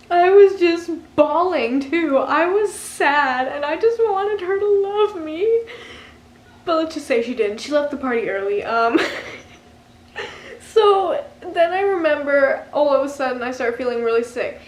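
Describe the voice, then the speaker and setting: A woman's voice: sits high, echoey room. A young woman telling a story to camera in a casual vlog, laughing often as she goes. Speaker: vlogger.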